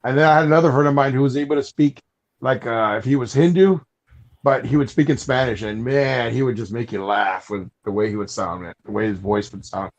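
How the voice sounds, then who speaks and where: A man's voice: mid-range voice, a little fast, poor audio. A man in a casual livestream chat, telling meandering anecdotes and agreeing with the others. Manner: rambling anecdotes, agreeable interjections.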